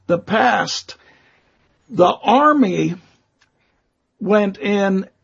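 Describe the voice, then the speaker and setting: A man telling old vampire cases in a slow, halting way, with many pauses and fillers, as an interview guest. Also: sits high, gravelly, breathy edge. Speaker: guest expert on vampire lore. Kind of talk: conversational storytelling interview. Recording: muffled lo-fi audio.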